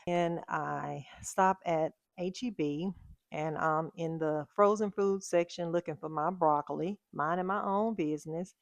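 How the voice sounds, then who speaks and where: Woman vlogger, lowish voice, dry close mic, chatty storyteller. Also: unhurried, dry recording. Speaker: fragrance vlogger. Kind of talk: casual chat.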